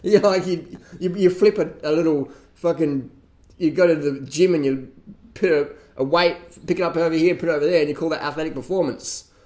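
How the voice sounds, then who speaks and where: A man rants into the camera in a casual, profane way. His voice sits slightly higher than most men's, and he mocks the people he talks about with laughs and put-on voices. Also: brisk. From Australia. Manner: profane, mocking, animated ranting with laughs. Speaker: vlogger reacting to a documentary. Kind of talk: casual rant.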